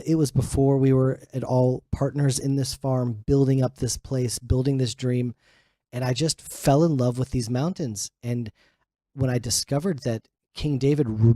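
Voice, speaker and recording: Mellow-voiced man reflecting earnestly. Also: medium pitch, no room sound. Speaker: co-host. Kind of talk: casual chat. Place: outdoors on a farm in the mountains.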